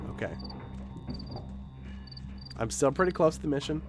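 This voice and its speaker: A man's voice: on the high side, animated, normal speed, music in the background. Profane, joking man streaming a game. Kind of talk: casual let's-play commentary.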